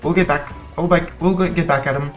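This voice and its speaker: A man's voice: fairly high pitch, steady tone, brisk, soft background music. A man giving casual live commentary on a strategy game he is streaming, thinking aloud and playfully talking to the nations on his map.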